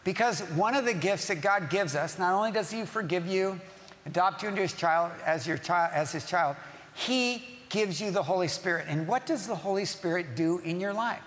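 Pastor, male, high voice, emphatic sermon delivery, long hall echo. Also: normal speed, a bit bright. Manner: emphatic, repeats key phrases, asks the congregation questions.

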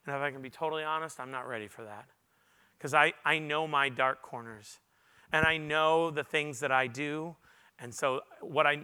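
A male pastor delivers a sermon to a big congregation in a church. His voice sits high for a man, with a sharp, ringing brightness. He talks earnestly, pushing up into loud emphatic peaks, then sinking into quiet, confessional asides. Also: smooth. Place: church auditorium before a large congregation.

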